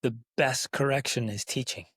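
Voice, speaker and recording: A man's voice: mid-range voice, moderate pace, slightly rough, no echo, clean studio sound. A man hosting a parenting podcast, chatting casually and acting out the kids and parents he quotes. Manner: acts out quoted kids and parents in lively voices. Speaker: podcast host.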